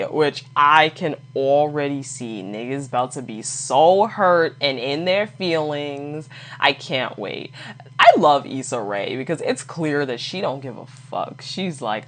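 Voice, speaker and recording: Very low-voiced blunt woman podcaster. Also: unhurried. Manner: blunt, profane, laughs often, animated asides. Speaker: podcast host. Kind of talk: casual solo podcast chat.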